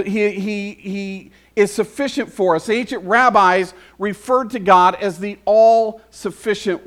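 Guy with a pretty high voice preaching, chatty sermon, keeps asking the crowd stuff. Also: a bit bright. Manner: conversational, quizzes the congregation with questions. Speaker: pastor.

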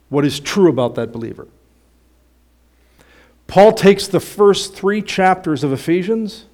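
A man preaching a sermon, emphatic and swelling loud on key points, then dropping low and quiet at the ends of phrases. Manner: emphatic preaching, rising loud on quoted passages. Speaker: pastor.

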